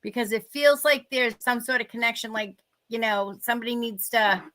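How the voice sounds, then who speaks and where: A woman's voice: on the high side, moderate pace, bright, forceful tone. A woman with a Boston accent, a medium giving readings on a live stream, chatty and joking, short on sleep. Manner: chatty, jokey, guiding meditation. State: sleep-deprived, extra energy. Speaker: psychic medium.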